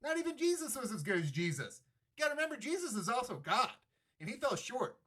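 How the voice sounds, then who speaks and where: A man's voice: extremely high pitch, big pitch swings, fast, sharp tone, breathy edge. A man hosting a daily show, giving a sarcastic, profane political monologue and slipping into mock voices. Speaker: podcast host.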